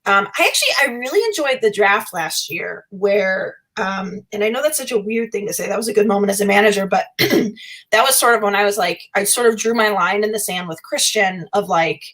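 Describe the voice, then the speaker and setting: A woman's voice: medium pitch, animated, brisk, a bit bright, poor audio. A young woman, a podcast guest, chatting casually, rambling and laughing often as she talks in circles.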